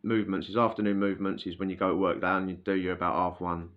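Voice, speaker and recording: A man's voice: sits low, level tone, fast, muffled recording. A man telling a story in a chatty, slangy way, often checking in with "yeah?". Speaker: former prisoner telling a story. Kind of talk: casual storytelling.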